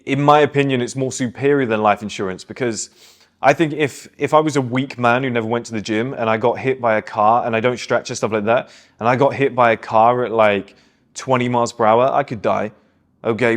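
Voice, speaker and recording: A young man hosting, delivering a blunt, emphatic motivational monologue. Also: mid-range voice. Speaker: host.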